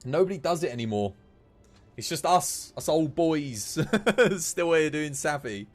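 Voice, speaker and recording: Young male streamer, casual chatty gameplay banter, expressive swooping voice. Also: on the high side, unhurried, faint music behind. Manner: animated, chatty, laughs often. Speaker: game streamer. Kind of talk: live gameplay streaming chat.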